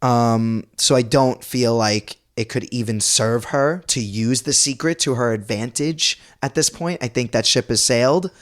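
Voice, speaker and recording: A man co-hosting a podcast in casual chat, agreeable and eager, often chiming in with quick agreement. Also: mid-range voice. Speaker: podcast host.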